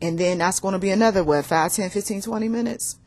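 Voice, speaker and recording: A woman's voice: medium pitch, fast. Woman, casual commentary, laughs often, playful acted quotes, relationship advice host. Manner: laughs often, acts out both sides of arguments in lively voices. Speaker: host of faith-based relationship talks.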